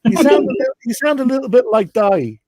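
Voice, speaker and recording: A man's voice: extremely high pitch, expressive, fast, darkish tone, no room sound. A man dropping in as a panel guest, speaking politely and hesitantly with stumbles. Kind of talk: casual chat.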